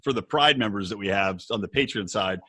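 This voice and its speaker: Bright-voiced man swearing casually on a call. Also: on the low side, brisk, breathy edge, dry recording. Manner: relaxed, swears freely. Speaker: guest podcaster. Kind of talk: casual chat over an internet call. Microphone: internet call audio.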